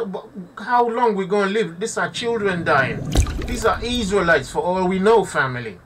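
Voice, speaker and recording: A man's voice: high-pitched, expressive, normal speed, fairly bright tone, recorded from a distance, a little hiss or hum. A man giving impassioned live commentary to his audience, preaching and repeating himself, often calling listeners family. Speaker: online preacher.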